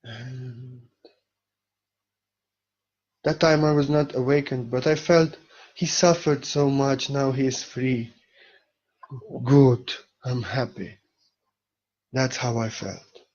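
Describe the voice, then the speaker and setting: A man speaks in a slow, unhurried spiritual talk, soft and reflective with halting pauses. His pitch sits in an ordinary middle range, and the recording sounds dull and lo-fi.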